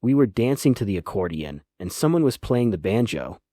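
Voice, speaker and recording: Low-voiced male audiobook narrator. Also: sing-song, dark tone, no echo. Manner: measured, dry first-person storytelling. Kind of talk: scripted literary narration.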